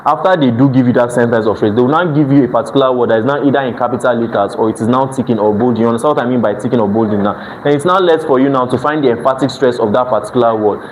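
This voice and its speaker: A Nigerian-accented man teaches a night class, stopping often to ask the students if they follow and correcting himself mid-phrase. His voice sits at a middle pitch, and a faint hiss runs under the recording. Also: rapid-fire, few pauses, a little mellow, rough recording. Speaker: exam prep tutor. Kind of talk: classroom lecture. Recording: faint background noise.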